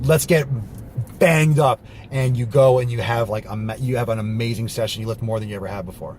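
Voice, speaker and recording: A man talking to camera while driving, blunt and profane, and animated as he explains his ideas. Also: medium pitch, fairly quick. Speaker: fitness vlogger. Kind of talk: casual monologue while driving. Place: inside a car. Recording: faint car noise behind.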